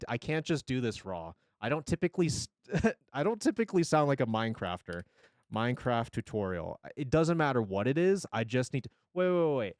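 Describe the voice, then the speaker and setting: Animated, swearing streamer in his forties. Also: medium pitch, dry recording, clean studio sound. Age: 40s. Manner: rambling, profane, jokey, reacting to chat. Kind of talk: casual live-stream chat.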